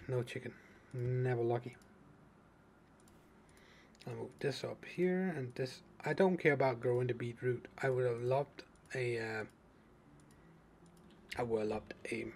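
A man casually narrating his own survival gameplay, thinking aloud with many fillers and restarts. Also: medium pitch. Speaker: let's play gamer. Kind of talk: casual game commentary.

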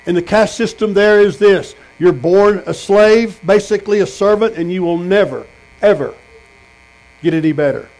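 Male tent-meeting preacher, higher voice, sermon storyteller who questions the crowd. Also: normal speed, a little mellow, rough recording. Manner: storytelling, asks the congregation questions.

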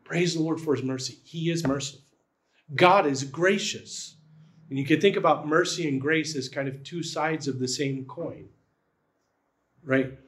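A man's voice: a little high, unhurried. A man, the church's pastor, preaching a sermon in a conversational style, often checking in with "right?".

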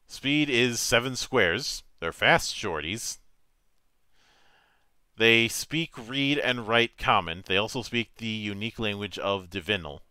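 A man acting as game master, reading tabletop game rules aloud in a measured, matter-of-fact way with small stumbles. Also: lowish voice, pushed and bright, clean tone, dry recording.

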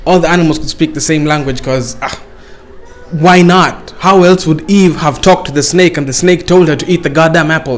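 A man telling a comic story casually, swearing and laughing at his own jokes. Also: a little high. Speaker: comedian. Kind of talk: comedic storytelling.

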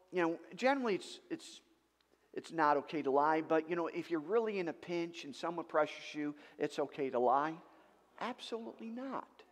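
A male pastor preaching a sermon in an animated way, with rhetorical questions and emphatic outbursts. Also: on the high side, long reverb tail. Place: church sanctuary.

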